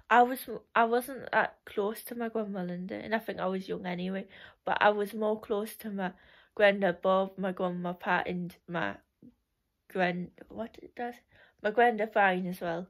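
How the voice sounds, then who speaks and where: A young woman reminiscing in a casual, rambling way, full of "like" and restarts, often laughing. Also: medium pitch.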